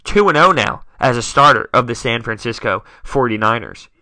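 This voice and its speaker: A man's voice: medium pitch, lively intonation, normal speed, sharp tone, no echo. A young man hosting a solo sports talk podcast, dramatic and self-mocking as he rattles off scores. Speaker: podcast host.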